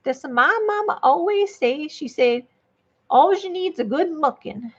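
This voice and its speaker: A woman's voice: high voice, lively intonation, measured pace, dull audio. Woman putting on a sassy old Southern grandma. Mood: folksy. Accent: put-on Southern US. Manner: drawling, sassy, mock-indignant. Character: dignified old Southern grandma, bossy and folksy.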